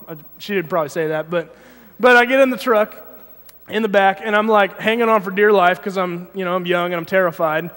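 A young man gives an informal sermon in a church sanctuary, telling a personal story with many restarts. His voice is high, steady and fairly bright, fairly quick in pace, and the recording carries long church hall reverb.

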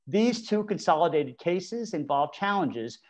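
A man speaking as a panelist, giving a measured analysis of court cases with frequent filler hesitations. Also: fairly high pitch, sing-song. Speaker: panelist, legal commentator. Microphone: remote call.

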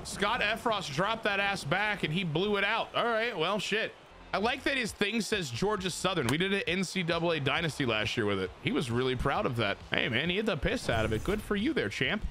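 A man giving casual, excitable commentary over his own video game match, swearing and trash-talking the opponent as he plays. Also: sits high, fairly quick, a little hiss or hum. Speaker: gaming channel host.

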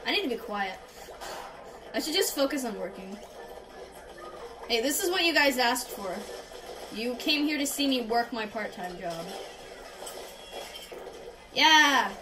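A woman doing gameplay commentary, reacting loudly with exclamations and self-conscious laughter. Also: fairly high pitch, expressive, moderate pace, long pauses, far from the mic, low-quality recording. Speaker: gaming YouTuber. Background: game music.

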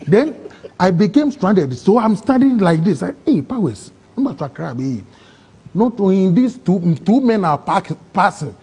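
A man's voice: sits high, big pitch swings, moderate pace, mellow, breathy edge. A man with a Ghanaian English accent giving an emotional personal testimony as an interview guest, telling his story animatedly and acting out the voices he quotes.

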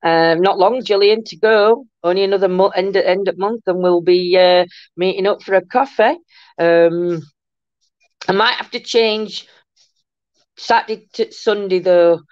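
Brief: older woman, livestream host, giggly and warm-hearted chat, lo-fi dry mic. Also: medium pitch, fairly even intonation, a little slow, dry recording. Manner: chatty, greets viewers with endearments, giggly. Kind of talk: casual live chat reading comments. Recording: muffled lo-fi dry room sound.

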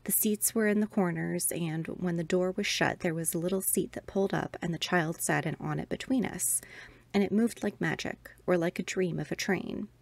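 A woman host reading an old ghost story aloud in a measured, expressive way. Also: lowish voice, gravelly, no room sound.

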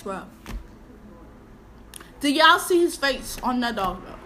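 A woman's voice: sits high, animated, a little slow, pauses often, a bit bright, slight background noise, low-quality recording. A woman reacting to a video in casual, slangy talk, exasperated and blunt, repeating herself.

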